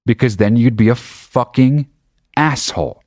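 A man's voice: medium pitch, measured pace, darkish tone, dry recording, studio quality. A man hosting his own podcast, talking in a casual, profane and emphatic monologue. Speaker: podcast host.

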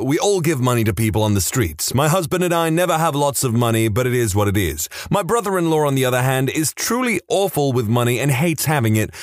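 A man's voice: mid-range voice, no echo. A man narrating listener-submitted stories aloud, acting out the quoted lines. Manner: dry storytelling, acts out quoted lines. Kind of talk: reading aloud.

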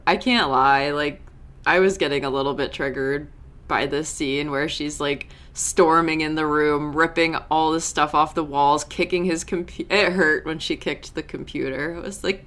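A young woman talks through an episode in a loose, chatty way, tossing in quick asides as she goes. Her voice sits low for a woman yet has a bright, forward edge to it. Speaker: show recap host. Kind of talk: casual episode recap.

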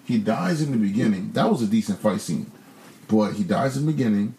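A man's voice: lowish voice, lively intonation, a little fast, warm tone, roomy sound, rough recording. A man co-hosting a casual chat, ranting bluntly and profanely with a joking edge. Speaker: podcast co-host.

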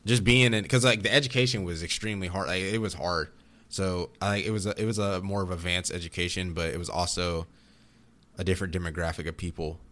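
A young man in casual chat, telling rambling, animated stories about growing up, with frequent restarts. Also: low-pitched, brisk. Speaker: podcast guest.

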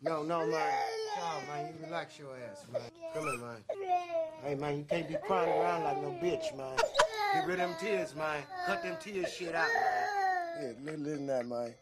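A brash streetwise hustler. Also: male voice, on the high side, huge pitch swings, normal speed. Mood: scolding. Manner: ends nearly every phrase with "man". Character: brash streetwise man, loud and bossy. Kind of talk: film dialogue supercut. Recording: loud noisy film clip.

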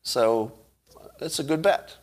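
A man with a mid-range voice hosts a casual livestream, speaking slowly as he argues his point. He throws rhetorical questions at his viewers and chuckles now and then.

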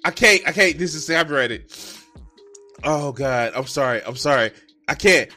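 A man's voice: on the high side, animated, normal speed, sharp tone, soft background music. A man live-streaming his reactions, playful, teasing and profane.

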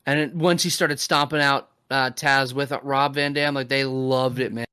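A man's voice: mid-range voice, fairly even intonation, normal speed, sharp tone, clear, resonant tone, no room sound, clean studio sound. A man hosting a podcast, recapping a wrestling show in loose, profane casual chat full of fillers. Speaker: podcast host.

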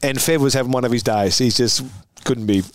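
A man in his forties with an Australian accent, a former footballer telling stories as a guest, animated and often laughing. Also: medium pitch, brisk, no echo. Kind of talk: casual storytelling interview.

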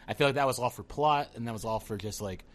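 A man's voice: medium pitch, quick pace. A man in casual chat who rambles, laughs and swears as he talks over a cartoon series.

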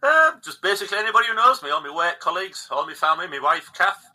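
A man's voice: sits high, sing-song, fast, bright, forceful tone. A man with an English accent, a singer-songwriter guest on a podcast, speaking in a modest, good-humoured, understated way. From England. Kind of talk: casual interview chat.

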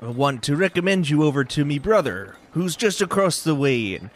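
A man voicing a gruff, folksy male market vendor in a tabletop game, speaking in old-fashioned dialect with hesitant stammers. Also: fairly high pitch, lively intonation, moderate pace, pitched above the performer's own voice. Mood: haggling.

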